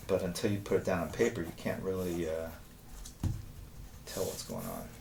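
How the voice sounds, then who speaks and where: A man's voice: deep voice, big pitch swings, normal speed, creaky, background noise. A man chatting casually on a live art stream, musing aloud in short asides and answering chat as he draws. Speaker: artist streaming while drawing.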